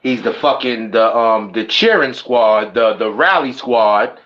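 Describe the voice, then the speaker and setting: A man's voice: mid-range voice, unhurried. A man co-hosting a casual podcast, talking in a laid-back way and swearing casually. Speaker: podcast co-host. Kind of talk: casual chat. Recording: dull lo-fi sound.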